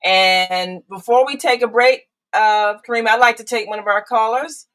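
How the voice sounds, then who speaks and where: A woman's voice: on the high side, steady tone, moderate pace, fairly bright tone, low-quality recording. An older woman hosting a live call-in talk show, chatty, with frequent fillers and restarts. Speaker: show host.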